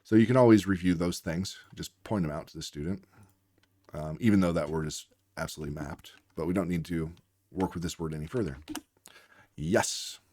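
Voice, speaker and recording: Man, reading tutor, deep voice, dry recording, patient explanations. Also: brisk, mellow, no echo. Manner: patient, explanatory, acts out teacher and student. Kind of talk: instructional demonstration.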